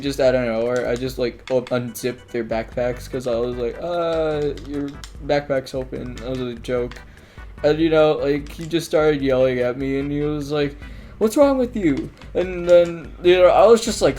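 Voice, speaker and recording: A man's voice: mid-range voice, darkish tone. A man telling school stories in a casual, rambling monologue, full of filler words, restarts and offhand swearing.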